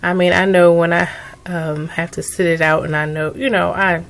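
A woman's voice: fairly low pitch, flat delivery, normal speed. A young adult woman talking through her video diary, weary and emotional, rambling. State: tired. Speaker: vlogger.

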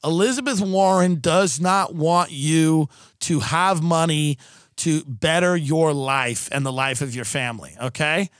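Sarcastic, high-voiced male podcast host. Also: a little slow, no room sound, studio quality. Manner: sarcastic, profane, animated. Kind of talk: comedic rant.

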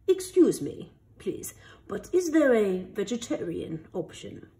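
A woman voicing a polite, gentle young male beast in a storybook, speaking softly and sweetly. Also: medium pitch, big pitch swings, takes it slowly. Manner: soft, courteous, sing-song.

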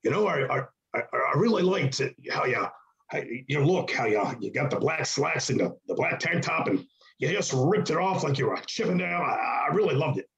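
A man's voice: fairly high pitch, sing-song, fairly quick, gravelly, fairly bright tone, muffled recording, heavily acted. A man doing an impression of an older male wrestling boss who stammers and repeats his words. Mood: enthusiastic.

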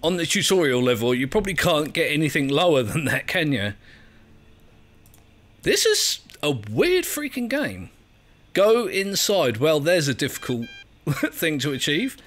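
An English gaming video creator from England gives chatty, self-mocking let's play commentary while playing a video game, laughing often and reading on-screen text aloud. His fairly high, fairly bright voice is animated at a normal speed, with soft music in the background.

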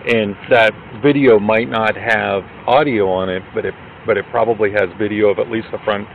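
A male police officer questioning and calming an upset woman, brisk and reassuring, recorded outdoors on his body camera. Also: fairly low pitch, vocal fry. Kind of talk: calm on-duty questioning. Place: outdoors by a fast-food restaurant. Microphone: body camera worn by him. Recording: tinny body-cam audio, street noise.

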